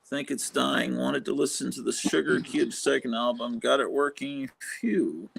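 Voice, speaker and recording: A man hosting a live stream channel, making dry, low-key remarks. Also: normal speed, vocal fry, a bit bright, slight background noise. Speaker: host of a comic book channel. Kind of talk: casual chat on a live stream.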